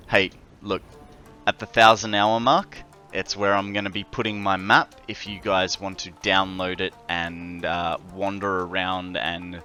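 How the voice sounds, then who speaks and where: Male streamer, slow, easygoing, rambling; bright tone over faint music. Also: sits low. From Australia. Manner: rambling, filler-heavy, joking with chat. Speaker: game streamer. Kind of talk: casual live-stream chat. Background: faint background music.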